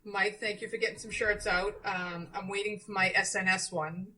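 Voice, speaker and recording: A woman's voice: medium pitch, fairly even intonation, normal speed, sharp tone, slight background noise, poor audio. A middle-aged woman, co-hosting a casual chat, chatty and self-deprecating, laughing at herself. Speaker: podcast co-host, nurse.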